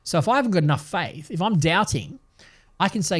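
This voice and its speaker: An older man gives a devotional podcast talk, earnest and reflective, often restarting a phrase as he thinks. His voice sits a little higher than most men's. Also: animated, brisk. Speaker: podcast host and Bible teacher.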